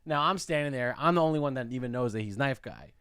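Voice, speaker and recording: Young guy cohost telling a story fast, clear voice, dry close mic. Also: mid-range voice, no echo. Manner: storytelling, animated. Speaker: podcast co-host. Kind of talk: casual chat.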